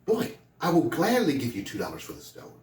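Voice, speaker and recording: A man's voice: mid-range voice, wildly swooping pitch, a little fast, darkish tone. A man voicing a haughty, dismissive woman at a market in a told story. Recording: echoey room from a distance.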